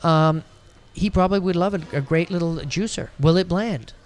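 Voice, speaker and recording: A man co-hosts a casual podcast, wandering from joke to joke. His voice sits a little high for a man, and his delivery is loose, animated and full of asides. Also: normal speed. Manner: joking, rambling, animated. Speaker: podcast co-host. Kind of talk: casual chat.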